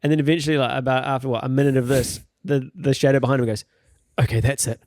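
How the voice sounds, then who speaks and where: A man spins a funny story at a middling pitch, acting out the people in it and laughing along. He is close to a dry podcast mic with no room sound. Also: rapid-fire, no echo. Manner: animated, acts out quotes in a raised voice, laughs often. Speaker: podcast guest or host. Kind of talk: casual storytelling.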